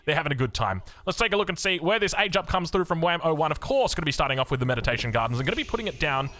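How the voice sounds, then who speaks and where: Australian man, young adult, esports caster, chatty, quick delivery, bouncy pitch. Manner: chatty, rambling asides, lively swings in pitch. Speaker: game caster. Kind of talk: energetic esports commentary.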